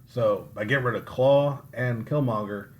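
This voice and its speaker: A man chatting casually on a podcast roundtable, thinking out loud and speeding up when he makes a point. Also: medium pitch, moderate pace.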